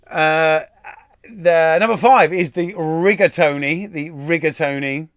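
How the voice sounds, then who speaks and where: Chatty, swearing quiz host. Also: male voice, a little high, takes it slowly, no room sound, studio quality. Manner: chatty and irreverent, swears casually, lots of fillers and restarts. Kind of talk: live-streamed quiz answer readout. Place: at home, room near a kitchen. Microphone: desk microphone.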